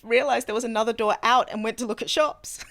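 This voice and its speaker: A woman telling a story in casual chat on a video call, animated and laughing. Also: a little high, a little fast. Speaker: player.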